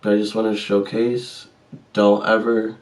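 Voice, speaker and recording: Speaking unhurriedly and with little pitch movement, a man with a low-leaning voice is recorded far from the mic. As a vlogger doing a makeup tutorial, he's chatty and sassy, self-deprecatingly joking about his errors.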